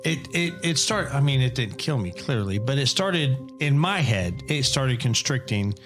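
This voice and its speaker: A man's voice: mid-range voice, moderate pace, soft background music. Man profane rambling dad telling stories. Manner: profane, rambling, animated storyteller. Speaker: podcast guest, father. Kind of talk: casual storytelling.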